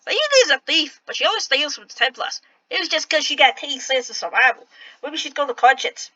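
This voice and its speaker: Lady voicing a city informant handing out orders, high bright voice, kinda halting reads, dry lo-fi mic. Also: lively intonation, no echo. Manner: halting, reads lines with restarts. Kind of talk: reading game dialogue aloud with an attempted accent.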